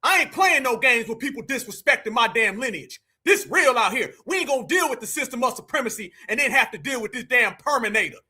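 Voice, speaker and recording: Fiery high-voiced man ranting. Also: expressive, fast, few pauses, breathy edge. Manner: fiery, profane, often shouting. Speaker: political commentator reacting to clips. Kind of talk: heated reaction commentary.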